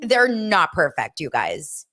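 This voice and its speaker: A woman's voice: lowish voice, wildly swooping pitch, slow pace, a bit bright. A middle-aged woman hosting a casual live stream, chatty and upbeat, gushing like a proud mom. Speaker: host.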